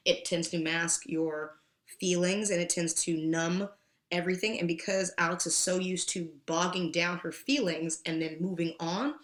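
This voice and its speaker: Lower-voiced woman reviewing in an echoey room. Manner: animated, acts out the characters' lines. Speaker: podcast co-host. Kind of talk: casual review chat.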